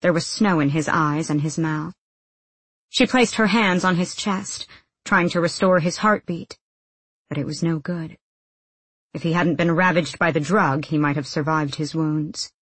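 In a dry recording free of room sound, a woman with a deep, husky voice narrates an audiobook story. Her scripted delivery stays even and measured throughout.

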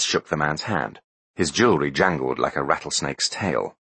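Deep husky guy reading a story, lively and bright, dry close mic. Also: moderate pace, no echo. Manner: expressive storytelling. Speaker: audiobook narrator. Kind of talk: scripted narration.

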